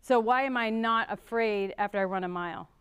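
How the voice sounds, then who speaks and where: A woman's voice: fairly high pitch, fairly quick, fairly bright tone, clear, resonant tone. A woman therapist teaching a couples workshop at a church, talking conversationally and acting out little examples. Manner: conversational, acts out examples with gasps and sighs. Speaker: marriage and family therapist teaching a couples class. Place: church hall.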